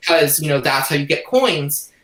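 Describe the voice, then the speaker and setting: A man's voice: fairly high pitch, lively intonation, normal speed, a bit bright, reverberant, low-quality recording. Chatty man with a raised voice. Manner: hesitant, many fillers and restarts. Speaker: podcast host. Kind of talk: casual chat.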